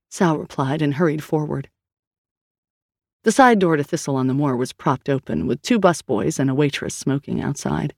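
A woman narrating a novel in a steady storytelling read. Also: low-pitched, normal speed, creaky, dry recording, clean studio sound. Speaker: audiobook narrator. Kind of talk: scripted narration.

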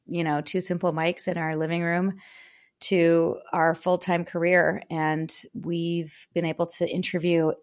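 Low, gravelly-voiced woman guest. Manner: candid and emotional; frequent restarts and fillers. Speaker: podcast guest. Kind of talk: casual interview talk.

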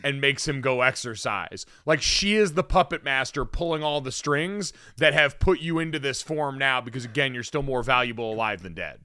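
A young man co-hosting a casual sports talk show, quick and teasing. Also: medium pitch, bright, forceful tone, clean tone, dry recording, studio quality. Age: young adult. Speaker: co-host.

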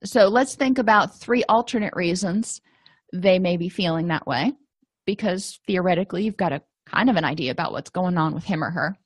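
Her voice is fairly low and a little breathy, and she talks fairly quickly with no room sound. She is a counselor teaching a conversational, informal lesson on empathy in relationships, acting out short quoted exchanges.

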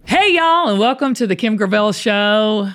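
A middle-aged woman hosting a podcast, chatty and folksy, quick to laugh. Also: medium pitch, expressive, soft background music. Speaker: podcast host. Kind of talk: casual chat.

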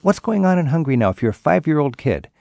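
Gravelly radio host man. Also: a little high, very animated, fast talker, dark tone, no room sound. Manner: curious, asks many questions. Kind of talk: radio interview.

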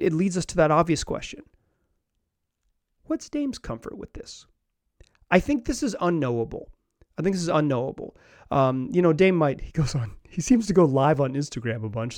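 A man's voice: a little high, a little mellow, no room sound, studio quality. A man hosting a sports podcast, talking loosely with many restarts and fillers. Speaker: podcast host. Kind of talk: casual sports commentary.

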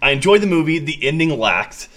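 Podcast co-host: man, quick lively delivery, indignant storyteller. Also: a little high. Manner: animated, indignant storyteller, swears. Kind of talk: casual chat.

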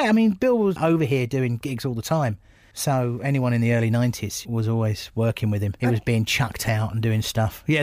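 Middle-aged man, mid pitch, loose anecdotal comic delivery. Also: no room sound, studio quality. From England. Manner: animated storyteller, laughs often. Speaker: comedian guest. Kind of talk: casual anecdotal chat.

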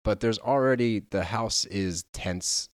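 Male co-host, low voice, animated and mocking, close dry mic, casual recap chat. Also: no echo. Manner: animated, mocking, fast bursts. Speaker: podcast co-host.

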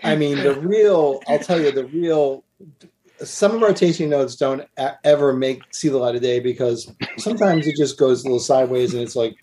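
A man, a guest who blends spirits, explaining his work in a halting way with repeated words. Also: mid-range voice, mellow, a little hiss or hum. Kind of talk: casual interview talk.

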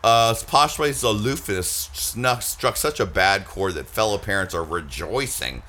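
A man's voice: on the low side, expressive, a little slow, sharp tone. Sarcastic man reading gossip aloud. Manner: sarcastic, mocking, bursts into silly put-on voices. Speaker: podcast host reading celebrity gossip. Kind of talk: casual comedic chat.

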